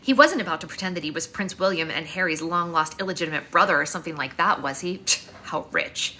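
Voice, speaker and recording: A woman author reading her own novel aloud in a live stream at home, with wry, expressive first-person narration on a phone mic. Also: lowish voice, quick pace, a little hiss or hum.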